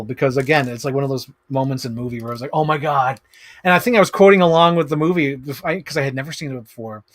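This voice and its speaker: A man chatting casually on a live stream about his toy collection, excitable and rambling, swearing freely. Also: mid-range voice, quick pace.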